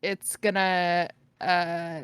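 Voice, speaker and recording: A woman's voice: lowish voice, flat delivery, very slow, smooth, no echo. A woman playing a tabletop game, hesitant and giggly, with many fillers. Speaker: player.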